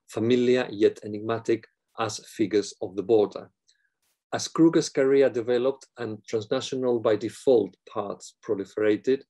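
A middle-aged man delivering an academic plenary lecture, reading a prepared text in a measured way with occasional fillers and restarts. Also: mid-range voice, mellow.

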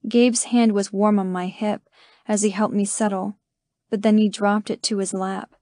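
A woman narrating a first-person romance audiobook in a soft, emotional storytelling voice. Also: mid-range voice, flat delivery, normal speed, dry recording, clean studio sound.

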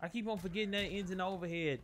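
A young gaming channel host with a high voice talks in rapid bursts while commentating his own fighting-game match live. He swears heavily, gets riled up easily, and addresses both his opponent and his viewers.

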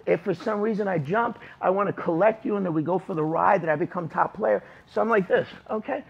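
A man's voice: high-pitched, a little fast, creaky, slightly rough, dull audio. A man teaching a jiu-jitsu class in a gym, talking through techniques as he demonstrates them, informal and emphatic. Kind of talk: live class instruction. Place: training gym.

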